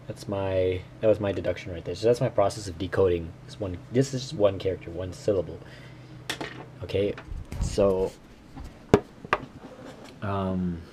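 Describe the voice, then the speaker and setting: A man recording himself while learning Korean, thinking aloud and repeating phrases slowly in a casual way. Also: low voice, steady tone, mellow, slight background noise. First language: English.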